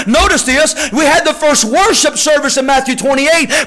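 A man preaching a sermon at a church service, reading scripture in a slow, stretched cadence and building to emphatic shouts before dropping low again. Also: animated, rough recording. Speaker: pastor.

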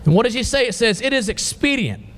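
A man with a high-pitched voice preaches a sermon. He reads scripture aloud and keeps asking the congregation questions. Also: animated, quick pace, a bit bright.

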